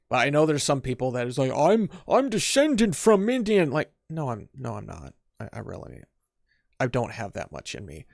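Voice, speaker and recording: Man podcaster, mid pitch, dry close sound, casual chat full of restarts. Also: vocal fry, no echo. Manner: stammering restarts, laughs often. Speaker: podcast co-host.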